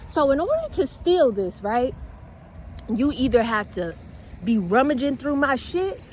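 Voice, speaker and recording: A young woman vlogger telling a casual storytime, chatty and animated with slangy asides. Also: high-pitched, unhurried, slight background noise.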